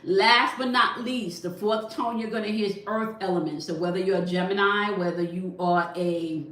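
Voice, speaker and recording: A woman's voice: steady tone, normal speed, fairly bright tone. A woman giving a tarot reading who explains each point and checks in with "okay?" as she talks to viewers from her desk. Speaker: tarot reader. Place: at a desk indoors. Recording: echoey room, mic at a distance, faint rumble.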